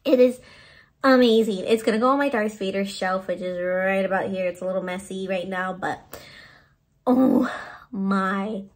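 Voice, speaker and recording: A woman chatting to her phone camera at home, gushing and excited as she shows off her birthday haul, laughing often. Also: medium pitch, fairly quick. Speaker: vlogger showing a birthday haul. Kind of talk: casual chat to camera.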